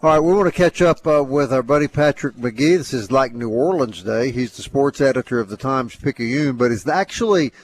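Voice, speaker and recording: A man hosting a sports radio show on location, talking casually with easy pauses and fillers. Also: medium pitch, expressive. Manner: easygoing, many "uh" fillers. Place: credit union building, on location.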